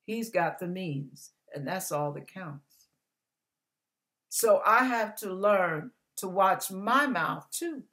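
A woman's voice: medium pitch, expressive, takes it slowly, fairly bright tone. An older woman pastor giving an online church sermon, earnest and conversational, building to emphatic repetition.

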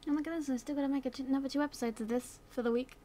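A woman's voice: high voice, fairly even intonation, racing, dark tone, slight background noise. A woman with a sore throat giving casual commentary on her gameplay, chatting away and talking to her game characters. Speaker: gaming video host.

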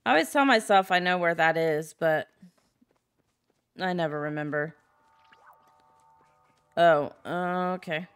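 A woman's voice: on the low side, unhurried, pauses often, clean tone, soft background music. A woman chats her way through a video game and laughs now and then. She reads the characters' dialogue aloud in her own everyday voice, with no put-on voices, in a loose, rambling manner. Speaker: gameplay video host. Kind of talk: casual let's-play commentary reading dialogue aloud.

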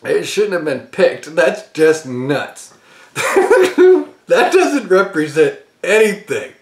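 A man's voice: on the high side, very animated, slow, reverberant. A man hosting a card-opening channel, giving his opinion in a casual, rambling way, breaking into laughter often and restarting his sentences.

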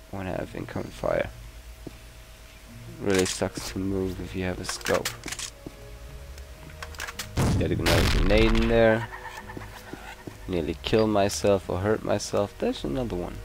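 A man whose first language is not English, hosting a gameplay video with excitable, swear-filled commentary. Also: sits low, gravelly. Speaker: let's play host. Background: game music and gunfire.

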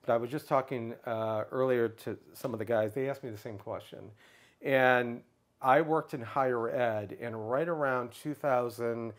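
A middle-aged man telling a long personal story in a casual interview, animated, and briefly raising his voice to act out what others said. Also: moderate pace. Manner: animated storyteller, acts out others' lines in a raised pitch. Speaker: guest speaker.

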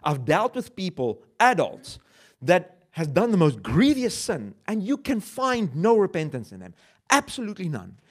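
Animated man preaching a sermon. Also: high voice, moderate pace. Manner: animated preaching with rhetorical questions to the audience; conversational, with self-mocking laughs. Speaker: pastor.

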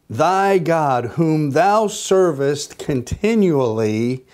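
A man leads a Bible study in a slow, deliberate teaching voice. His tone is mellow and fairly high-pitched. He retells the story with emphatic repetition.

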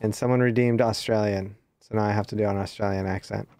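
A man in his forties hosting a game stream, easygoing and quick to laugh. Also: on the low side, fairly even intonation, darkish tone, no echo. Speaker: streamer host. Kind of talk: casual gaming chat.

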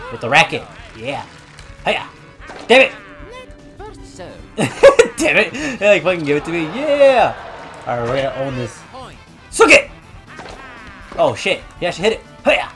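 A young man shouts and curses his way through let's-play commentary, trash-talking the game. His voice sits high and leaps around in pitch. Faint game music plays behind him. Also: huge pitch swings, moderate pace, pauses often. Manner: loud, swearing, trash-talking, yelling at the game. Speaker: gaming YouTuber.

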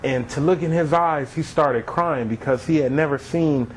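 A man telling his own near-death story as a testimony, earnest and animated, acting out what others said. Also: on the high side, moderate pace, a little hiss or hum, rough recording. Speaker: testimony speaker. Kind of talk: personal testimony.

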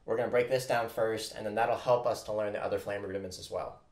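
In an echoey room full of loud drumming, a man gives an instructional drum lesson, patiently walking through flam rudiments and calling out stickings. His voice is fairly low and steady, and he talks fast.

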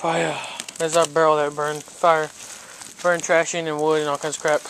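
A man chatting loosely to a handheld camera for his vlog, his voice pitched fairly high. He rambles, circles back to the same questions and leans on "y'all". A faint hiss of noise sits under the recording. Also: level tone, moderate pace, a bit bright. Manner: rambling, repeats himself, says y'all. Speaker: vlogger. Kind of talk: casual vlog chat. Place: outdoors in hot weather.

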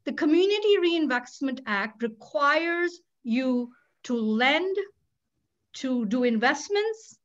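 A woman's voice: high voice, expressive, slow, highs cut off. An older woman, a public interest lawyer, talking candidly and animatedly on a webinar panel, with sarcastic asides. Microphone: video call.

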